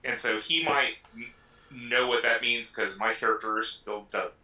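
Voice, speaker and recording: A man playing a tabletop game, describing his character calmly with quick asides. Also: mid-range voice, reverberant, recorded from a distance, rough recording. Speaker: player. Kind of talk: tabletop role-play chat.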